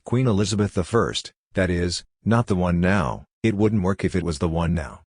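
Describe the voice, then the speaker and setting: An eager, joke-telling middle-aged trawlerman, read by a man in a deep, low voice. The sound is dry and close, with no room echo. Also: moderate pace, darkish tone, breathy edge. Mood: joking.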